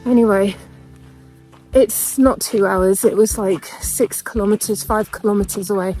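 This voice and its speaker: A young woman talking casually to her camera as she walks, chatty and candid, with quick asides. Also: mid-range voice, steady tone, mellow, faint music behind, low-quality recording. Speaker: vlogger. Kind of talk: casual travel vlog narration.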